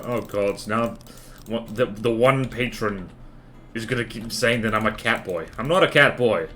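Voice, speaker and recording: A man livestreams himself building in a game, rambling casually in a playful, self-deprecating way. His voice sits on the low side, measured in pace, pushed and bright, with slight background noise.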